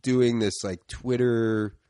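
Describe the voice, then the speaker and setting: A man's voice: mid-range voice, fairly even intonation, slow, dark tone, clean tone, dry recording, studio quality. A middle-aged man, a comedian guest, talking in casual chat, laid-back and trailing off into fillers, with some swearing. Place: indoor studio room.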